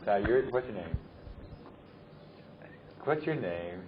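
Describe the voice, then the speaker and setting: Man, teasing questions, lively intonation, muffled old tape, chattering crowd behind. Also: fairly low pitch, slow, noisy background. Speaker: informal interviewer. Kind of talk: joking chat at a gathering.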